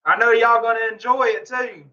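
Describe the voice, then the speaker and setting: A man's voice: extremely high pitch, fairly even intonation, brisk, sharp tone, far from the mic. A man chatting casually on a livestream, rambling and repeating himself to his viewers. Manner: rambling and repetitive. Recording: roomy, off-mic, dull lo-fi sound.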